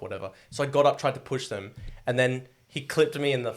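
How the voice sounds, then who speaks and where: A man's voice: mid-range voice, fast talker. A young Australian man in his twenties, a guest telling his story in a rambling, casual way full of fillers and swearing.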